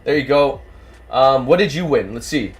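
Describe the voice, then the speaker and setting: A livestream host who is losing his voice, calling a giveaway race with animated, rapid play-by-play. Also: medium pitch, faint music behind. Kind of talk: excited duck-race commentary on a livestream.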